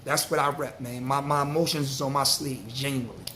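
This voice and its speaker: A man, telling a story to camera in a loose, slang-filled, animated way. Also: medium pitch, fairly quick, a little hiss or hum. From New York. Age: 40s. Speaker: vlogger.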